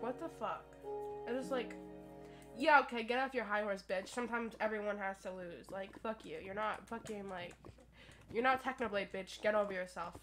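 A young woman giving gameplay commentary at her computer, full of crude, profane, playful trash talk and quick rants. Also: mid-range voice, a bit bright. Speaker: gaming YouTuber. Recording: noisy recording with keyboard clicks.

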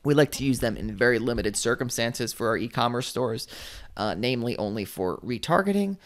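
A man's voice: mid-range voice, expressive, a little fast. A young man giving a casual, rambling screen-share lesson on online selling, full of fillers and dry sarcasm. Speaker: online business teacher.

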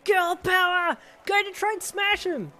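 A woman reading aloud and voicing an excited teenage girl who shouts cheers from a crowd. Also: very high-pitched, takes it slowly, voice pushed up, exaggerated voice. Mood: cheering.

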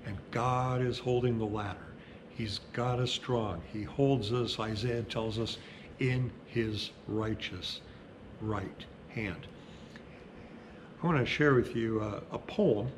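A middle-aged male pastor who preaches in a conversational, storytelling way and slows down for emphasis. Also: lowish voice, noisy background. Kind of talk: sermon.

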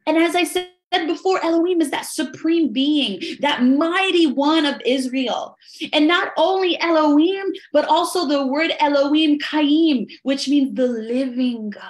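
Fervent high-voiced woman teaching scripture. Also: echoey room. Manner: fervent, repeats phrases, says "right?" often. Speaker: Bible study teacher. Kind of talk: online Bible study teaching.

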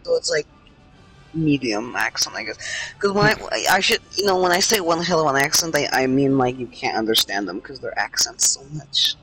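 A man's voice: mid-range voice, lively intonation, brisk, pushed and bright, breathy edge, faint music behind, poor audio. A young man chatting casually while playing a video game, teasing his friend and rambling through his own corrections. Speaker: gaming YouTuber. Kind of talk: casual gaming chat.

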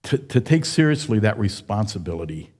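A man in his seventies preaching a sermon, telling folksy stories with frequent pauses and fillers. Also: on the low side, sing-song, a little mellow. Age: 70s. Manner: folksy storytelling, with many uh fillers. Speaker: pastor.

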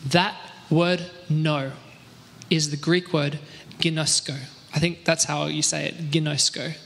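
A man leading a casual Bible teaching discussion, relaxed and joking as he reads scripture aloud. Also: a little high, measured pace, gravelly, big-room sound. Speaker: church teacher.

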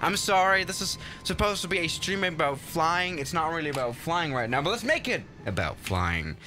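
A young man hosting a live flight-sim stream, chatting casually and excitably with many restarts. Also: fairly high pitch, moderate pace, a little hiss or hum.

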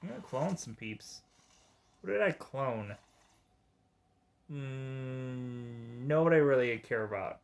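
A man giving casual gameplay commentary, reading the game's dialogue aloud in a rambling, halting way. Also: medium pitch, animated, gravelly. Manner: rambling, halting, with frequent fillers. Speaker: gamer.

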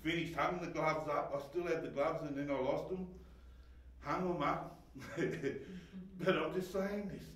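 High-voiced man preaching in an echoey hall. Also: a little slow. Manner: emotional, swings from shouting to hushed, laughs often. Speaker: pastor. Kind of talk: sermon testimony. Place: church hall. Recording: echoey hall, voice heard from a distance.

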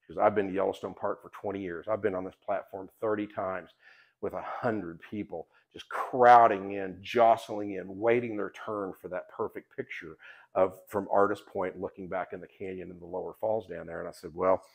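Middle-aged host, low voice, folksy and loose, swears casually, easy storytelling delivery. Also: male voice, fairly even intonation, moderate pace, gravelly. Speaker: podcast host and guidebook author. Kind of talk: casual promotional talk.

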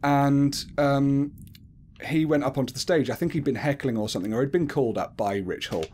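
A man's voice: medium pitch, a little fast, darkish tone, a little hiss or hum. A young man giving casual commentary as he plays a horror game. He talks to himself, gets jumpy and swears often. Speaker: gaming video creator.

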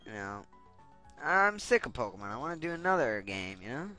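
A man's voice: mid-range voice, very animated, a little fast, bright, forceful tone. A young man giving casual gameplay commentary, getting frustrated and swearing as he rants. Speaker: Let's Play commentator. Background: game music.

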